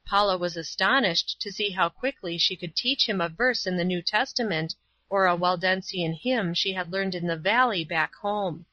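A woman with a fairly low voice narrates an audiobook script in a steady, even storytelling tone. The recording is dry, dull and lo-fi.

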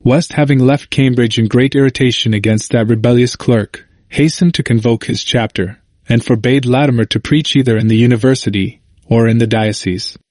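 A man narrating a history book as an audiobook, reading in a measured and even way. His voice sits at an ordinary pitch. The recording is dry and close, with no room sound. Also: dry recording.

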